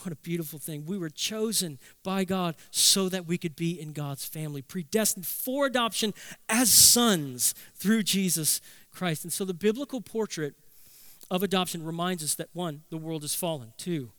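A man's voice: a little high, normal speed, fairly bright tone. A middle-aged male pastor preaching a sermon, telling stories and posing emphatic rhetorical questions.

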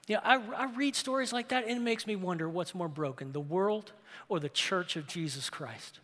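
Male pastor, bright forceful tone, dramatic sermon delivery in a big reverberant sanctuary. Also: high-pitched, moderate pace. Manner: impassioned preaching, swinging from loud to hushed. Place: large church sanctuary. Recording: long reverb of a large hall.

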